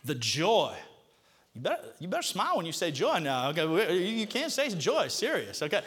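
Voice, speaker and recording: A man's voice: high voice, fast, breathy edge. A male pastor preaching in church, coaxing the congregation to repeat scripture back to him. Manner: animated, coaxing audience to repeat lines. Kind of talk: call-and-response sermon.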